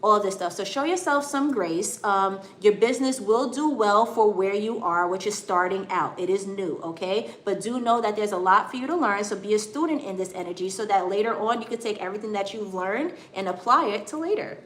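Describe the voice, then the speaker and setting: A woman's voice: mid-range voice, fairly quick, hardly any pauses, fairly bright tone. American woman giving a live tarot reading. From United States. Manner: reassuring, calls viewers honey and sweetheart, asks "okay?" often. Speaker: tarot card reader. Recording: echoey room with faint background noise.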